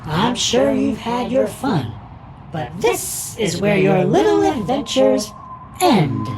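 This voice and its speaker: A man's voice: extremely high pitch, very animated, slow pace, a loud crowd, full character voice. A man voicing a giant male trumpet alien villain in a children's audio story, taunting and drawn out.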